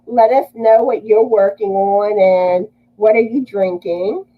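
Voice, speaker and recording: A woman's voice: medium pitch, slow pace, narrow, tinny audio. A woman from Louisiana hosting a casual livestream, greeting viewers and reading their comments aloud.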